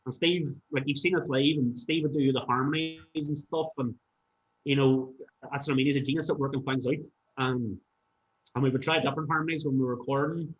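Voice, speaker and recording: A man's voice: medium pitch, fairly even intonation, a little fast. A man, a musician guest chatting casually and telling stories animatedly, swearing freely. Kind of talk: casual podcast chat. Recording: roomy, dull-sounding room.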